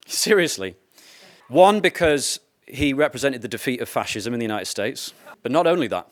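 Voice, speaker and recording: Wry man giving a talk. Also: mid-range voice. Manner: sardonic, wry asides. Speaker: speaker at a political school. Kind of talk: lecture to a live audience.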